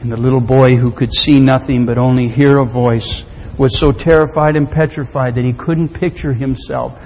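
A man preaching a sermon, telling a story dramatically and swinging from loud to hushed. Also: medium pitch, steady tone, moderate pace. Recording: long hall reverb.

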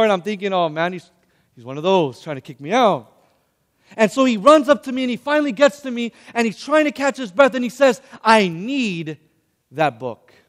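A young man preaching a sermon, animated and calling on his listeners to answer back. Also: high voice. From Hispanic background. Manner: animated, calls on the audience to respond. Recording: long hall reverb.

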